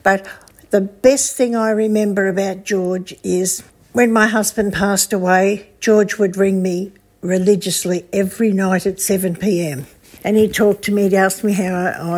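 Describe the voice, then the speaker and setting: An older woman with an Australian accent giving a spoken memorial tribute, telling stories warmly with a few hesitations. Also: mid-range voice. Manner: warm storytelling with hesitations.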